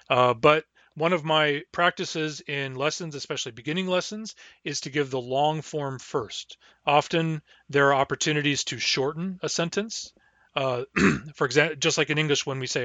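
A man teaching a language lesson, explaining grammar and modeling words slowly and carefully for learners to repeat. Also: on the high side, pushed and bright, no room sound, highs cut off. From Barclay Sound region, Canada. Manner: patient, slow model pronunciations for repeating.

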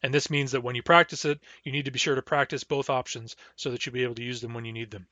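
A man teaching a language lesson, explaining grammar and modeling words slowly and carefully for learners to repeat. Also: medium pitch, steady tone, bright, forceful tone, no echo, highs cut off. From Barclay Sound region, Canada. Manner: patient, slow model pronunciations for repeating.

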